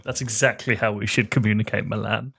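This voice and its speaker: A man's voice: fairly low pitch, fairly even intonation, a little fast, creaky, fairly bright tone, slight background noise. A man playing a comedy tabletop game, chatting in a giggly, playful way. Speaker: player. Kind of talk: casual play banter.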